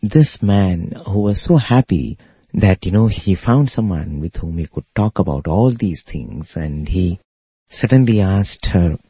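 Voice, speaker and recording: A man giving a spiritual talk, telling a story in an unhurried way with fillers and repeats. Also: low-pitched, expressive, warm tone, slightly rough, dry recording. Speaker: spiritual speaker. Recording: dull lo-fi dry audio.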